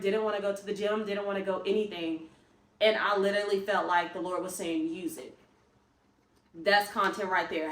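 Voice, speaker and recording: A woman's voice: medium pitch, fairly bright tone. Chatty woman vlogging in a roomy space. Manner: chatty, rambling, emphatic and self-encouraging. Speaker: fitness vlogger. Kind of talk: casual vlog talk to camera. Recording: roomy, picked up from a distance.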